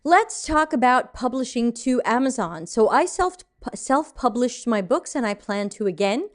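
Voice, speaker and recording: A chatty woman hosting a live stream, her voice sitting a little high. She talks casually and laughs at herself now and then. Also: lively intonation, moderate pace. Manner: chatty, self-deprecating, laughs often. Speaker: podcast host and author.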